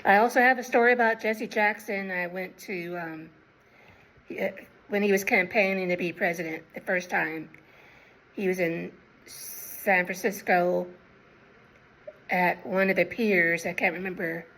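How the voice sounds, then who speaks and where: A woman in her sixties tells a personal story in a casual, unhurried way, pausing often to recall details. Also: fairly low pitch, steady tone, a bit bright, low-quality recording. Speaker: vlogger.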